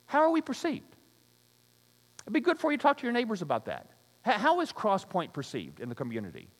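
A man's voice: high-pitched, huge pitch swings, fairly quick. A man pastor preaching a sermon, firing off rhetorical questions and joking asides. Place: church sanctuary. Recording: long hall reverb.

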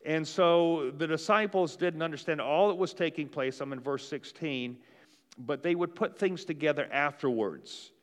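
A man preaching a sermon in a relaxed, conversational way, often stopping on fillers and restarting his phrases. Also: on the high side, normal speed, in a large hall. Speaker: pastor.

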